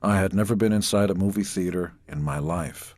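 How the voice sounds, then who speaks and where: A middle-aged man from Israel reads his own memoir aloud, in measured, dry storytelling with deadpan asides. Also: low voice, no room sound. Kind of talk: memoir audiobook narration.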